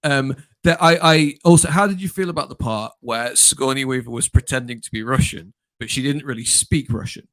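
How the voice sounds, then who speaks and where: Podcast co-host, man in his 30s, mid-pitched, dry close sound, chatty and animated. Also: a little fast, few pauses, no room sound. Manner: animated, laughing, puts on voices when retelling scenes. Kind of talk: casual chat. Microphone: home mic on a stream.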